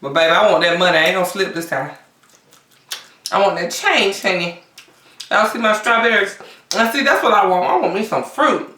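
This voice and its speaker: A woman vlogger chatting casually to camera between bites, often pausing on long hums. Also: medium pitch, sharp tone. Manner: chatty, talks between bites with drawn-out mms. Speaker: mukbang vlogger. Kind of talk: casual eating chat to camera. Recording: roomy sound from a distance.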